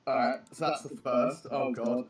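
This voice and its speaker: A man's voice: medium pitch, flat delivery, moderate pace, far from the mic. Eager young-sounding male player, echoey. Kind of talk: playing a tabletop game.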